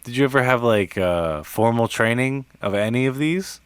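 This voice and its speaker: Laid-back swearing podcast host. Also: male voice, mid-range voice, lively intonation, normal speed, clean tone, no echo. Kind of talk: casual chat.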